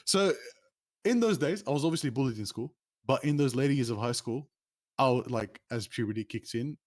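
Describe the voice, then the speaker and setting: A man, a streamer telling rambling, animated stories as an interview guest. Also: fairly quick. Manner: animated, rambling, with sudden pitch jumps. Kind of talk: casual storytelling.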